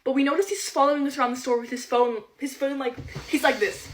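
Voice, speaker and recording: A teenage girl rattles through a storytime in a very high, bright-sounding register. She is chatty and animated, slipping into the voices of everyone in the tale. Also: fast talker, a little hiss or hum. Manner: chatty, animated retelling full of quoted dialogue. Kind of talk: casual storytime.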